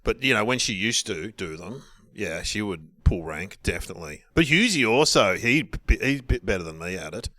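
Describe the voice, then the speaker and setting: A middle-aged Australian comedian tells his gig stories with lively acted-out quotes. His voice is very bright and forward. The sound is dry and close to the mic. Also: lowish voice, a little fast, few pauses, no echo. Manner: animated anecdotes with acted-out quotes. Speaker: comedian podcast guest. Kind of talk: casual chat, storytelling.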